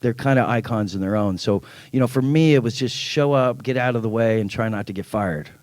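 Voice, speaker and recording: Middle-aged man telling lively stories. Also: medium pitch, brisk. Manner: animated anecdote-telling, acts out quoted dialogue, laughs often. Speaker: actor, panel guest. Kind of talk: convention panel storytelling. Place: convention panel room.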